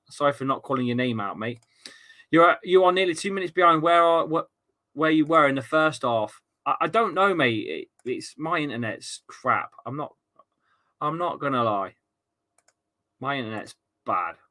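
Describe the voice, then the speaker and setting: A man's voice: on the high side, expressive, moderate pace, bright, forceful tone. A young man streaming a football watchalong, chatting casually, reading out viewer comments and swearing now and then. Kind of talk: live match watchalong commentary.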